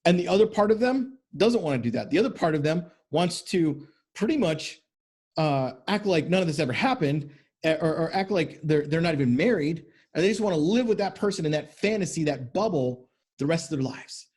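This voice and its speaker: A man's voice: on the high side, animated, brisk, a little mellow, breathy edge. A man hosting a podcast as a men's coach, talking bluntly and emphatically with lots of swearing. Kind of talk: motivational podcast monologue.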